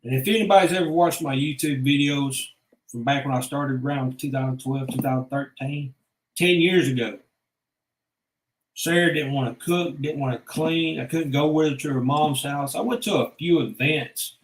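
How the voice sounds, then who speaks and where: In an echoey room, a man with a higher-pitched voice speaks at ordinary speed over a faint hiss or hum. He's a vlogger casually recounting his life, rambling, blunt and profane.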